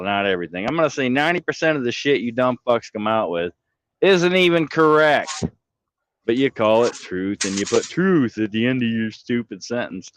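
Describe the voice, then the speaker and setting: Male streamer, dry close sound, theatrical fake-angry ranter with a lively pitch. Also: no echo, rough recording. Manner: theatrical, swings from mumbling to shouting; heavy swearing, mocking. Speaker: livestreamer. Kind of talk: profane livestream rant.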